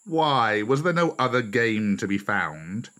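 A proud, scornful male black panther from a read-aloud jungle tale, as a man puts him on. He speaks low and unhurried, with a dry edge. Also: animated, fairly bright tone.

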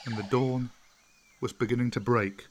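A man narrating a storybook in an expressive reading voice. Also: mid-range voice, moderate pace.

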